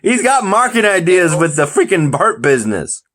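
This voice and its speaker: A man's voice: high voice, big pitch swings, normal speed, a bit bright. A man hosting a casual podcast chat, rambling, joking and tripping over his words. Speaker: podcast host.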